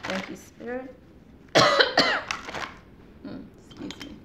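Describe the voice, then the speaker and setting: A woman's voice: sits high, huge pitch swings, extremely slow. A woman doing a casual tarot reading to camera with a sore throat, chatting straight to her viewers and laughing often. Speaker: tarot card reader. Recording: roomy echo, faint background noise.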